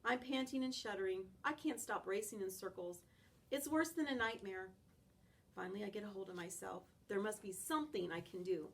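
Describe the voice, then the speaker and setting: A woman's voice: medium pitch, a little fast, gravelly. Woman reading a children's book. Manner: expressive, animated first-person narration. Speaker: audiobook reader. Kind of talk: reading a children's novel aloud.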